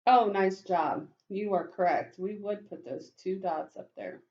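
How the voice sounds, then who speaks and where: A woman teaching a phonics lesson to young children, speaking slowly and warmly, praising them often and sounding out words. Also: medium pitch, muffled recording. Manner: slow, encouraging, praising often. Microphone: webcam.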